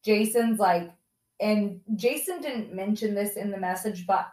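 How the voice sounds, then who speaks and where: Animated woman telling a story. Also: medium pitch, measured pace, roomy sound, rough recording. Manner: animated, acts out quotes in raised voice. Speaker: podcast guest, mother. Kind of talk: casual storytelling.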